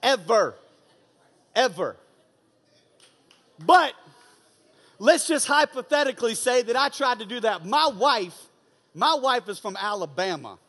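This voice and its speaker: A young man giving an energetic, conversational youth sermon and often asking "you know what I'm saying". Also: very high voice, unhurried, pauses often. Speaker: youth pastor. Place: large church auditorium. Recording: long hall reverb.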